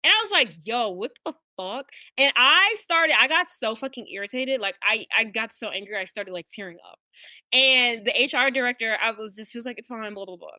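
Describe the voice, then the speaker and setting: A woman's voice: fairly high pitch, lively intonation, brisk, sharp tone, no room sound. A young woman co-hosting a podcast, telling a work story in casual chat and swearing freely. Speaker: podcast co-host.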